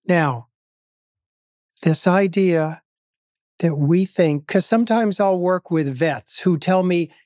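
A man's voice: sits high, slow pace, pauses often, a little mellow, no echo, studio quality. A man speaking as a grief expert in an interview, telling stories in an earnest, emphatic way. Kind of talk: interview conversation.

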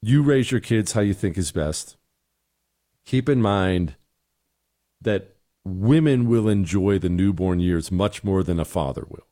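A man's voice: low voice, lively intonation, unhurried, mellow. A middle-aged man hosting a talk show, giving emphatic, sarcastic opinions and answering listener emails. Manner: emphatic, sarcastic, repeats points.

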